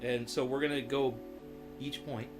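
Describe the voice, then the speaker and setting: A man's voice: medium pitch, little pitch movement, moderate pace, music in the background. A man hosting a podcast, joking around and asking rambling questions in a casual chat. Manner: playful, jokey, rambling questions. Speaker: host.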